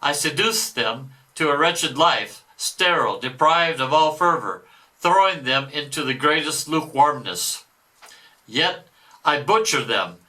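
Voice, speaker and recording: A boastful, spiteful devil sneers and gloats in a read-aloud rant, as a man lends him his voice. The tone is fairly high for a man and piercingly bright, with a tense, forceful edge. Each line comes out declaimed and scornful rather than fully acted. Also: low-quality recording. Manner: declaimed reading with mocking outbursts. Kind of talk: dramatic reading aloud.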